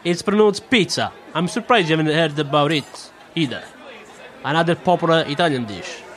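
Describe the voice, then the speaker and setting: A man's voice: on the high side, fairly quick, a bit bright, some chatter behind, natural voice. A man playing a patient restaurant waiter who speaks slightly broken English. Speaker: waiter in a sketch.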